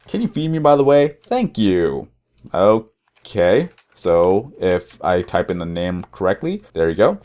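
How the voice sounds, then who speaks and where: A man's voice: low-pitched, sing-song, measured pace, a little mellow. Man rambling through casual game commentary. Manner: rambling, stumbles over words; chatty, addresses viewers directly. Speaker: gaming channel host. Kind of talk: casual let's-play commentary.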